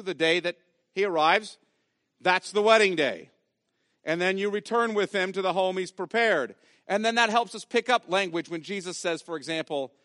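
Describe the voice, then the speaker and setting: A man's voice: high voice, bright, forceful tone, dry recording, clean studio sound. A man preaching a sermon as pastor, emphatic and repeating key phrases for weight.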